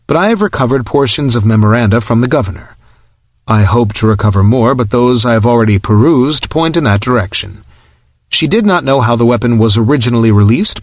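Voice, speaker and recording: Starship AI for an audiobook, read by a man, formal and measured, dry close sound. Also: medium pitch, no room sound. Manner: formal, measured, clipped military phrasing. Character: calm precise starship computer, male.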